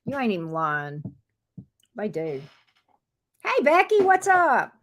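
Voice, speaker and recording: Middle-aged woman, livestream host, chatty and animated, reading viewer comments aloud. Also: on the high side, takes it slowly. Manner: chatty, reads out and answers viewer comments, coos at her dog. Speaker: tarot reader and livestream host. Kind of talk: casual livestream chat with viewers. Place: home office room.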